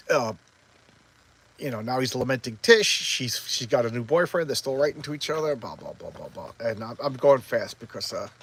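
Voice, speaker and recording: A man casually reviewing a comic book, talking quickly and excitably with many restarts as he retells the story. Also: mid-range voice, husky, poor audio.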